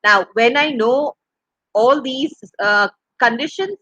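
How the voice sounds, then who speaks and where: A calm, courteous doctor speaks in a reassuring, unhurried way, in a woman's own bright voice. The recording is dry and close, with no room sound. It comes across as a spoken reading. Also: on the high side, no room sound, exaggerated voice, low-quality recording. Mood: soothing. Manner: soothing, reassuring.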